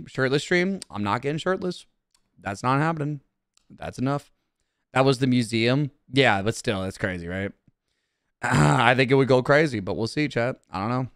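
A man's voice: medium pitch, clean tone, dry recording, clean studio sound. A man streaming live, chatting casually with his chat, swearing often and reading their questions aloud before getting riled up. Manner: profane, reads chat aloud, easily riled up.

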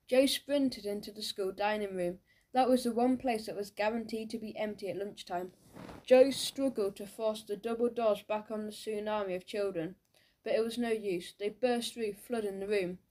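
A woman narrating a children's audiobook in a lively, playful storytelling manner. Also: medium pitch, normal speed.

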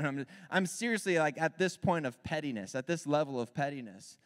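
A man in his thirties preaching a sermon, telling a candid personal story with animated bursts of loud emphasis. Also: mid-range voice, moderate pace, clear, resonant tone. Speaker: worship leader preaching. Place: church sanctuary. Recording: long hall reverb.

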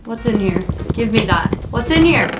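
A young woman giving casual, excitable commentary while playing a video game for the first time, yelping at enemies. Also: fairly high pitch, normal speed, over loud music. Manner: excitable, yelps and scolds at enemies. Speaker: gaming creator. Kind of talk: casual let's play commentary.

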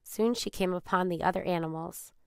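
A woman with a low, gravelly voice reads a children's story aloud in a calm, measured way. The sound is close and dry. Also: no echo. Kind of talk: children's read-aloud narration.

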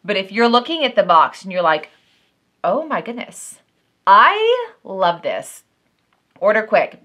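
A young woman with a Southern Texas accent, chatting excitedly to camera in a casual unboxing vlog. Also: medium pitch. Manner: chatty, excitable, drawls and says y'all. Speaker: vlogger, unboxing host.

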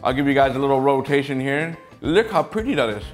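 Excitable, chatty man reviewing toys. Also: medium pitch, quick pace, soft background music. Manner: chatty, excitable, talks straight to viewers. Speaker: toy brick set reviewer, channel host. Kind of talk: casual product review vlog.

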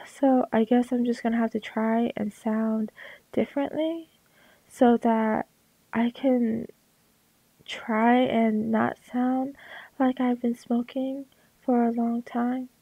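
A young woman with a crackly, gravelly voice, rambling casually with lots of fillers and restarts about her art, into a headset at home. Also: a little high, level tone, takes it slowly, no room sound, lo-fi sound. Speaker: artist vlogger. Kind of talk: rambling casual talk over a drawing.

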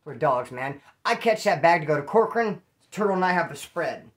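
A man from California telling his own prison stories in a casual, profane, animated way and acting out what people said. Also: fairly high pitch, a little fast. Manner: profane, animated, acts out quoted dialogue. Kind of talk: casual storytelling.

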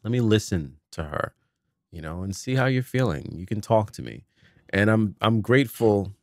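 A man's voice: on the low side, moderate pace, dry recording, clean studio sound. A middle-aged man hosting a podcast, telling a family story in casual conversation and acting out the dialogue. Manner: animated storytelling, acts out dialogue. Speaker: podcast host.

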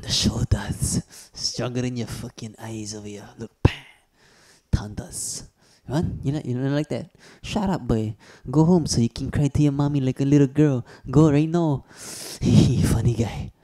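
A man's voice: medium pitch, a little slow, mellow, lightly acted. A man playing a boastful, foul-mouthed martial-arts champion who taunts in broken English, as a comedy impression skit. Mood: boastful taunting.

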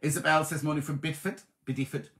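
A man's voice: a little high, steady tone, fast talker. A middle-aged man hosting a casual live stream, reading out viewer comments and greeting them by name. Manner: chatty, warm greetings to viewers by name, reads comments aloud.

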